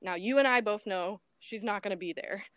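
A woman with a smooth, resonant voice, telling a painful family story over a call. She talks with feeling and acts out the voices in the exchanges she recalls. The sound is close and dry. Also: medium pitch, a little fast, no echo. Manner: animated storytelling, acts out phone dialogue, nervous laughs. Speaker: guest, daughter of a missing woman. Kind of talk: emotional personal account in an interview.

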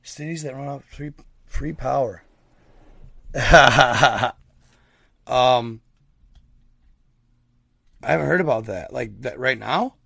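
A streamer chats casually with his viewers, spinning a rambling, slang-heavy story. His mid-range voice is slow and creaky, with a bright, forceful tone and long pauses, and there's no room sound.

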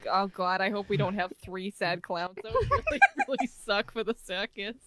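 A woman's voice: mid-range voice, wildly swooping pitch, normal speed, noisy background. A woman playing a tabletop game, jumpy and swearing between laughs. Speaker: player.

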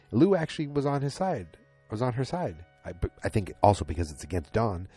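A man's voice: mid-range voice, big pitch swings, quick pace, hardly any pauses, warm tone, slightly rough, soft background music. A tired man casually recapping a TV episode, rambling and often stopping to correct himself. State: tired and yawning late at night. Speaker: podcast host recapping a TV episode.

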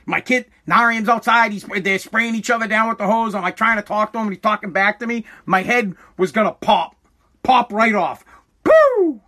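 A forty-year-old man hosting his podcast from a home basement, ranting angrily and profanely, bursting into yelling, his throat scratchy from dust. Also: sits high, steady tone, fairly quick. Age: 40s. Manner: aggravated, swearing, bursts into yelling. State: throat irritated by dust, coughing. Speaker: podcast host. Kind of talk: angry profane rant.

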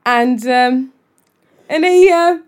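A young woman co-hosting a podcast, chatty and teasing, quick to react in casual banter. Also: high voice. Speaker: podcast co-host. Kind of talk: casual chat.

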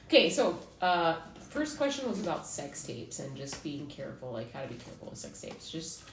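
A woman's voice: low-pitched, big pitch swings, moderate pace. A woman hosting a podcast in casual chat, laughing often and swearing freely. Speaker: podcast host. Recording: roomy echo with faint noise.

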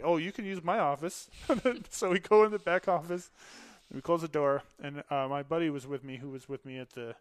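A man's voice: on the high side, no room sound. Laughing man telling service stories. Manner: laughs often while telling stories, acts out dialogue. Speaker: podcast guest, Air Force veteran. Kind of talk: casual storytelling.

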